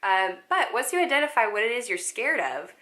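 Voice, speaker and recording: Chatty, self-mocking young woman vlogger, bright voice. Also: very animated, fairly quick. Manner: chatty, self-mocking, jumps into high playful voices for quotes. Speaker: actress and vlogger. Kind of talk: casual storytelling vlog with acted quotes.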